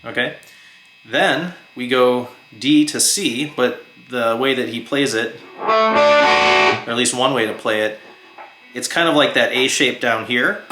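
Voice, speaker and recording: A man teaching a guitar lesson in a relaxed, chatty way, humming and counting out strum rhythms as he plays. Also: mid-range voice. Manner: relaxed, chatty, sings and hums rhythms while playing. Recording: roomy sound with loud guitar playing. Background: his own electric guitar.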